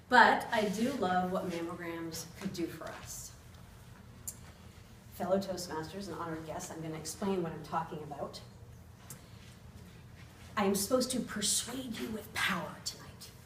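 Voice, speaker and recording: A woman in her forties delivers a persuasive speech in a meeting room, earnest and personal, laughing at herself now and then. Her voice carries from a distance through a roomy, echoing space. A faint hiss sits under the recording. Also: fairly low pitch. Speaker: club speaker.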